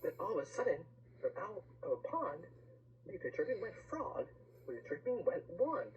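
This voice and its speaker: A woman reading a rhyming picture book aloud, with lively pauses and asides to the listener. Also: medium pitch, lo-fi sound, a little hiss or hum.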